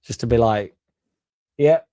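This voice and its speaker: Young lad, fan-channel host, tipsy and sweary, mellow tone, loose and rambling. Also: male voice, medium pitch, a little slow. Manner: rambling, sweary and laddish, laughing between lines. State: a bit drunk. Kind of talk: casual livestream chat.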